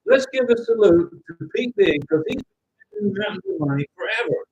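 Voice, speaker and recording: A middle-aged man hosting a casual livestream, loudly reading out viewer comments and giving advice, at times yelling. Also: very high voice, brisk, vocal fry, breathy edge, no room sound, dull audio. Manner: loud, animated, at times yelling. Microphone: home microphone with interference noted by viewers.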